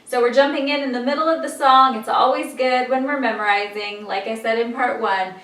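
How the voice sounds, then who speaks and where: A woman's voice: a little high, steady tone, fairly quick. A woman teaching a memory lesson in a patient, encouraging way, guiding listeners through a rhythmic chant. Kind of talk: classroom-style lesson. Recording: echoey room, distant mic, loud background noise.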